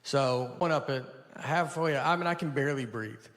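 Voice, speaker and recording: A man doing a stand-up comedy set, telling stories in a deadpan way with low muttered asides. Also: moderate pace. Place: theater stage with a laughing audience. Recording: live stage audio with audience noise.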